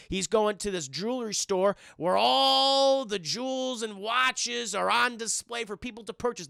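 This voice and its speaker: Male streamer, high gravelly voice, profane scene-by-scene recap to chat. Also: dry recording. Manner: excitable, profane, keeps addressing chat. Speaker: streamer reviewing a cartoon. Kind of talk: live-streamed episode recap.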